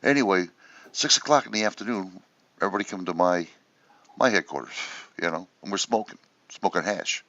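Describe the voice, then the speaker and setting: Man, very low voice, dull dry lo-fi recording, casual profane storyteller. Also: brisk, pushed and bright, no room sound. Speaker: veteran storyteller. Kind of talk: casual chat.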